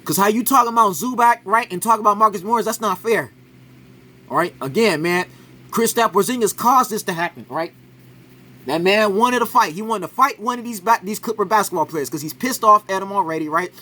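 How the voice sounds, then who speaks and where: A man's voice: high-pitched, brisk, bright, forceful tone. A man giving an argumentative reaction commentary on a sports clip, keeps asking "right?" after his points.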